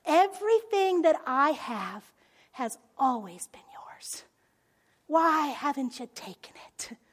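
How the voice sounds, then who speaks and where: A woman doing a gentle, loving father. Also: high-pitched, sing-song, slow, exaggerated voice. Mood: tender.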